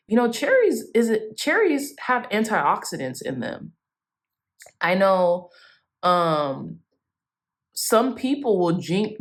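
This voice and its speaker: A woman giving a chatty, effusive tarot reading straight to her viewers. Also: lowish voice. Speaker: tarot reader.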